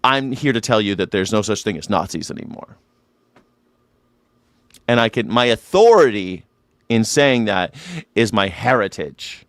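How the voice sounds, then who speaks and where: A man's voice: on the low side, sing-song, a little slow, long pauses, dry recording, studio quality. A man hosting a live news reaction show, talking in a sarcastic, irreverent way and swearing freely.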